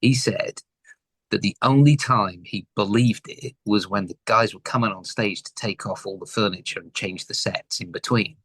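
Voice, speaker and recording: A man's voice: on the low side, moderate pace, fairly bright tone, dry recording, low-quality recording. A man from England hosting a podcast, chatting conversationally and laughing easily. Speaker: podcast host. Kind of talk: casual interview chat.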